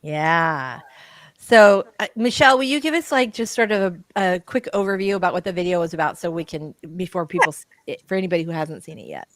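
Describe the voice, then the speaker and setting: A woman's voice: on the low side, animated, fairly quick, fairly bright tone, no room sound. Bubbly, chatty woman livestream host. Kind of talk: casual livestream chat.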